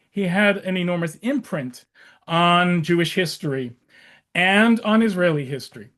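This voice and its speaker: Chatty rabbi with a high voice. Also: male voice, fairly bright tone. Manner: chatty, full of fillers and restarts, wry asides. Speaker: rabbi teaching an adult class. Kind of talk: casual lecture over a video call.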